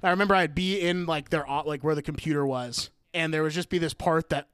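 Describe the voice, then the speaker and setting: A young man hosts a casual talk show, animated and laughing as he tells his stories. His voice sits high and clear, and the sound is dry and close. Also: quick pace, no echo. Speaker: podcast host. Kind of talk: casual chat.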